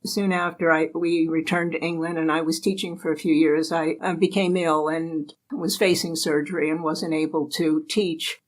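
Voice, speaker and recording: A woman's voice: low-pitched, flat delivery, moderate pace, hardly any pauses, poor audio. An older woman from the United States, a guest in an interview, telling anecdotes in a chatty way and laughing often. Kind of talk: casual storytelling interview.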